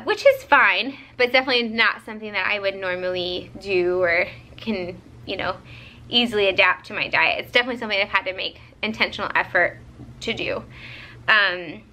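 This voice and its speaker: A young woman vlogger, tired, chatting casually to camera and telling a story in an animated way with lots of fillers. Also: medium pitch, a little hiss or hum.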